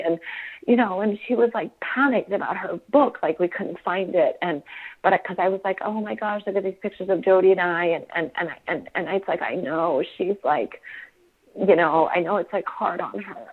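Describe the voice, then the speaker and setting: A woman in her forties speaks in a low register, halting and circling back on her words with constant fillers. Her voice comes through a tinny, phone-like line. She is a guest sharing something personal in an interview. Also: breathy edge. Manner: halting, many restarts and fillers. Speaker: podcast guest. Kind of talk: emotional interview.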